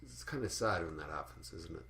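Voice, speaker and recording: A man's voice: sits low, lively intonation, brisk, vocal fry, sharp tone. A man delivering a rambling, profane, sardonic rant as an art commentary vlogger. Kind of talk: ranting monologue.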